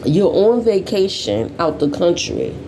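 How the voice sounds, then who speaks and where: A woman rants bluntly and profanely in YouTube commentary. Her voice is gravelly and mellow, and its pitch swings widely between low mutters and sharp high bursts. She records at home, with faint noise behind her. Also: big pitch swings, unhurried. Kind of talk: ranting commentary.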